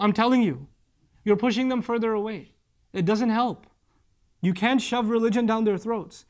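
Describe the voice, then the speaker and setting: A middle-aged man delivers a religious lecture in a loose, conversational way. His voice sits high for a man, and he often acts out what parents and children would say. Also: moderate pace, darkish tone. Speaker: Islamic speaker.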